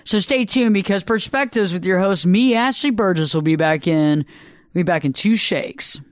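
Smooth-voiced radio talk host. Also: mid-range voice, normal speed, no room sound, studio quality. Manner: earnest, storytelling, repeats phrases for emphasis. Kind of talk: solo talk radio monologue. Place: radio studio. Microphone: studio microphone.

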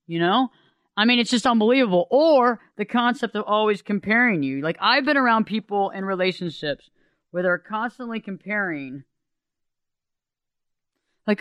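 High-voiced man giving relationship advice. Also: moderate pace, smooth, no room sound, studio quality. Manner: animated, acts out quoted voices. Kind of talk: casual advice monologue.

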